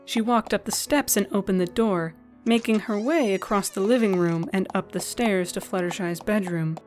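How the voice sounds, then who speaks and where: A woman narrating a fan-fiction story in a gentle, even reading style. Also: mid-range voice, normal speed, faint music behind.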